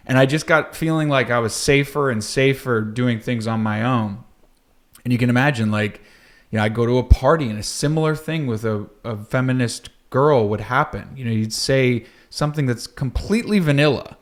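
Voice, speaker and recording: A man in his thirties telling a personal story in a casual monologue, acting out the lines he quotes. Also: mid-range voice.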